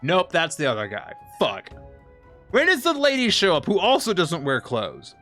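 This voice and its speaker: Man, game streamer, casual commentary, swears a lot, bright, animated. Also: on the high side, normal speed, faint music behind. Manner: irreverent, frequent swearing. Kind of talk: casual gameplay commentary with voiced dialogue.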